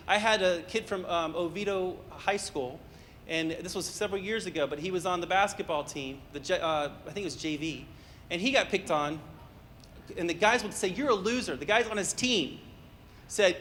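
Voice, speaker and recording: A man with a high voice counsels parents in a live workshop, telling anecdotes and acting out the voices in them as he goes. He keeps checking in with the audience and asking them questions. His voice rings with long reverb in a hall, with faint room noise underneath. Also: normal speed, a bit bright. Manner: storytelling, acts out quoted voices, asks the audience questions. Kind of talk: interactive talk to an audience.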